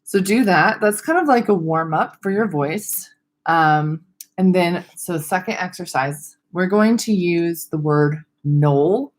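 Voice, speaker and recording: A young woman teaching vocal exercises in a casual online webinar, relaxed and self-deprecating, with a little vocal fry at the ends of her sentences. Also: lowish voice, slow. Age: young adult. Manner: friendly, loose, laughs at herself, demonstrates vocal exercises. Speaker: speech therapist.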